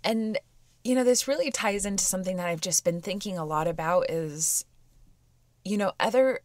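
A woman's voice: mid-range voice, normal speed, darkish tone, no room sound. A woman hosting a podcast, talking candidly and reflectively on her own, wandering through her thoughts with plenty of fillers. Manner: candid, meandering, with frequent fillers. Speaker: podcast host. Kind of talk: reflective personal podcast monologue.

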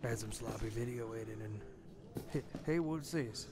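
A man's voice: fairly low pitch, normal speed, natural voice. A man voicing a crude, dim-witted man poking around a derelict house, rambling and muttering vulgar remarks to himself as a comedic game parody voice-over. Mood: grumbling. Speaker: comedic dub voice. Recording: game ambience noise behind the voice.

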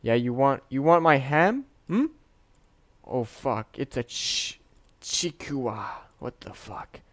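Excitable young man narrating gameplay. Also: medium pitch, slow, no room sound. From Canada. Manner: excitable, swearing, swings between mumbling and yelling. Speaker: gaming youtuber. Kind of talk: casual gameplay commentary.

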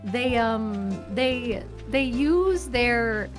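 A woman's voice: fairly high pitch, animated, extremely slow. Giggly woman rambling over game music. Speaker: streamer. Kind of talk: casual chat while gaming.

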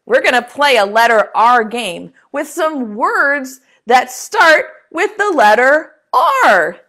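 A woman teaching a preschool lesson, talking to young children in a slow, encouraging way and asking them to repeat words after her. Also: high-pitched, a bit bright.

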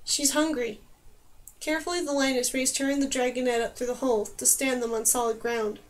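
Brief: woman narrator, high voice, calm storybook reading. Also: quick pace. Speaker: audiobook narrator. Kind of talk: scripted narration.

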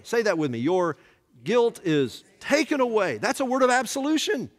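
A man's voice: high voice, normal speed, long reverb tail. A man teaching a church Bible study, asking the room questions as he goes. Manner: animated, asks the room questions. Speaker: pastor.

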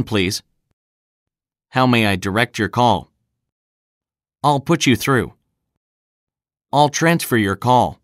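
Slow, clear male phrase reader. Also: mid-range voice, no room sound, studio quality. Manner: clear, deliberate delivery of example sentences. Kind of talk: scripted recorded phrase reading. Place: recording studio.

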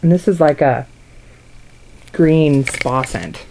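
A woman's voice: deep voice, slow pace, gravelly, darkish tone, a little hiss or hum, poor audio. A young woman chatting casually in a haul video, gushing and reacting as she sniffs and shows each item. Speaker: vlogger showing a wax haul.

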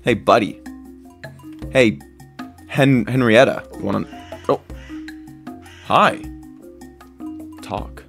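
A man giving excitable, jokey commentary while playing a survival game, squealing high whenever he is delighted. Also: drawn-out words, vocal fry, pauses often, faint music behind. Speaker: gaming video creator.

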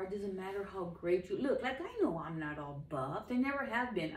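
A woman's voice: medium pitch, darkish tone. A woman in her sixties, a lay minister, preaching informally to the camera in an earnest, emphatic and rambling way. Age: 60s. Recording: roomy echo, distant mic, faint background noise.

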